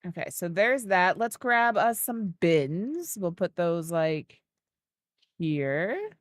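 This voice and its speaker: A woman's voice: on the low side, big pitch swings, slow pace, no echo, clean studio sound. A woman giving casual gameplay commentary, thinking aloud as she builds and cooing baby talk at an animal. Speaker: gaming video creator.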